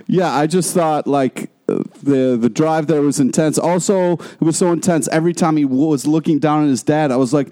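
A man's voice: a little high, moderate pace, mellow, poor audio. A man co-hosting a casual comedic TV recap chat, recapping with emphatic, profane reactions. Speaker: podcast co-host.

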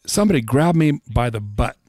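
A man's voice: medium pitch, brisk, dry recording. Man telling stories in a dry room. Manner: animated anecdote teller, acts out the voices in his stories. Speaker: guest, touring drummer. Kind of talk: casual storytelling chat.

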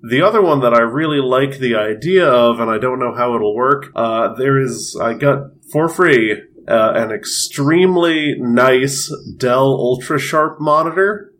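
A man co-hosting a loose, joking podcast, delivering his lines dry and deadpan. He talks plainly, with easy hesitations. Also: mid-range voice, a little slow, few pauses, slight background noise. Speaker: podcast co-host. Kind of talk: casual podcast banter.

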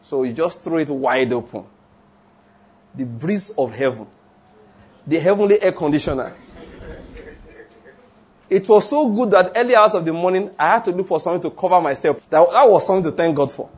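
A man preaching a sermon, chatting with his congregation, putting questions to them and reading scripture slowly and deliberately. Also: a little high, breathy edge. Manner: conversational, asks the congregation questions.

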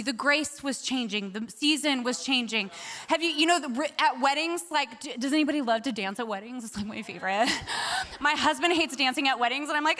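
A woman preaching to a live congregation, her high voice bright and sharp. She tells her stories with energy, acting out each exchange and laughing along as she goes. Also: fairly quick. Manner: animated storytelling, acting out dialogue with laughs. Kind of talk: sermon.

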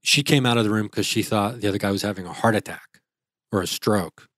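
Young male guest, lowish voice, vivid casual storyteller, dry close sound. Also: brisk, a bit bright, no echo. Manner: vivid, breathless retelling with restarts.

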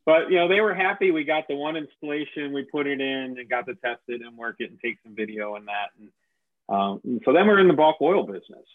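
A man's voice: medium pitch, expressive, fast talker, no room sound. Man telling a story over a tinny line. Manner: rambling, many fillers and restarts, self-deprecating laughs. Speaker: franchise owner telling his business story. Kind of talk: casual conversational storytelling. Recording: dry, tinny phone-like audio.

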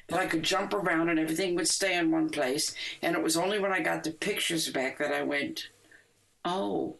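An older woman, a rock musician, telling stories in a casual interview, animated and quick to laugh, acting out the lines she quotes. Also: low voice, gravelly, rough recording. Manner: animated, laughs often, acts out quoted dialogue.

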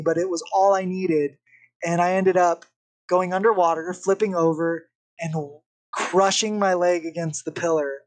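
A young man, a podcast guest, telling a story in a casual, animated way. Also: sits high. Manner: animated, vivid retelling with acted-out quotes.

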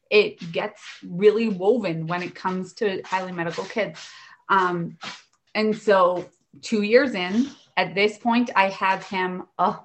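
A woman in her thirties, a special education worker, telling lively stories from her work in casual conversation. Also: mid-range voice. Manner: lively, chatty, animated storyteller. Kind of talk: storytelling in conversation.

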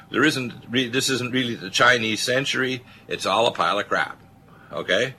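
A man's voice: mid-range voice, moderate pace, bright, forceful tone, husky. Emphatic, rambling talk-radio host man. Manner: emphatic and rambling, many filler uhs.

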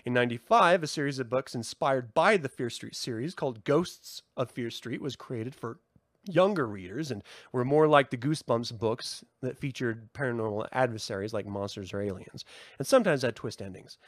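A man hosting his own podcast, a profane, heated rant that swings between shouting and calmer explaining, recorded indoors. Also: mid-range voice, normal speed, no echo, studio quality. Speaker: podcast host. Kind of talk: ranting solo podcast. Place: indoor room.

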